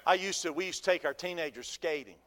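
A man preaching a sermon as pastor, folksy and animated, with humor and rhetorical questions to the congregation. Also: fairly high pitch, fast talker, in a large hall.

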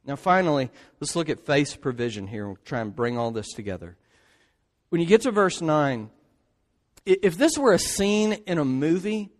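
A man preaching a sermon in an emphatic way, often tossing in rhetorical asides. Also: on the high side. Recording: long hall reverb.

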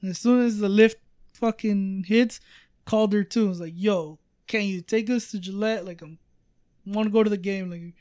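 A man's voice: high-pitched, steady tone, normal speed, a little mellow, clear, resonant tone, no echo, clean studio sound. A man telling a travel story in casual podcast chat, rambling with lots of fillers and swearing. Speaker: storyteller guest.

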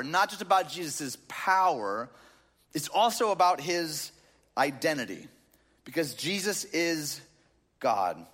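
A pastor with a higher-pitched, slightly bright and very animated voice speaks slowly. He preaches to a crowd in a large church auditorium in a casual, joking way full of filler words. The big hall gives the recording a long reverb.

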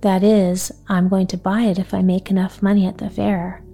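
Woman voicing a coaxing practical little girl, bedtime storybook, mellow voice, soft music behind. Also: mid-range voice, little pitch movement, creaky. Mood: eager. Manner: reasonable, coaxing, quick talk.

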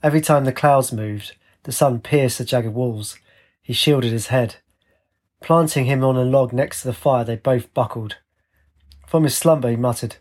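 A man reads a fantasy audiobook in a measured, descriptive manner. His voice has a husky, breathy grain and sits at an ordinary male pitch. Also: a little mellow. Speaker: narrator. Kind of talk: audiobook narration.

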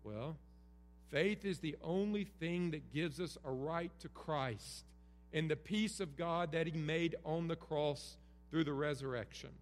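A man's voice: a little high, measured pace, faint music behind. A middle-aged man, preaching an earnest Christmas Eve sermon with emphatic repetition. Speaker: pastor. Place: church sanctuary. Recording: roomy hall reverb, faint hum.

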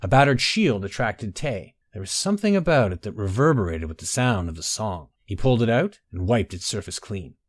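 A man narrating a story in a measured storytelling manner, softly voicing the dialogue. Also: on the low side, sing-song, dry recording, studio quality. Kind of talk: scripted narration.

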